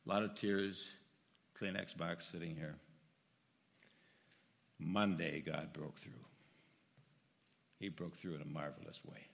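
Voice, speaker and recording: An older man giving a personal testimony to his congregation, telling the story earnestly and moving between quiet and loud, emphatic passages. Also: deep voice, gravelly, in a large hall. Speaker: church member speaking to his congregation. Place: church sanctuary.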